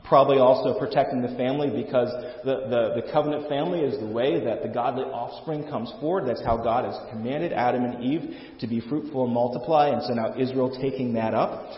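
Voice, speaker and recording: A man's voice: medium pitch, brisk, few pauses. A male pastor preaching a sermon in an earnest way, often restarting and repeating words. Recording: echoey hall, dull lo-fi sound.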